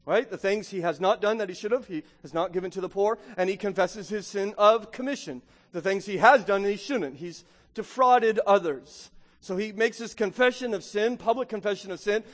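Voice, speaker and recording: A man preaching a sermon as pastor, earnest, swinging from loud emphasis to a hush. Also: high voice. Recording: long reverb of a large hall.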